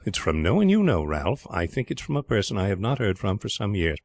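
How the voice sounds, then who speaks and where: A man voicing a gentle worried mother. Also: on the low side, wildly swooping pitch, brisk, full character voice. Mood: calm.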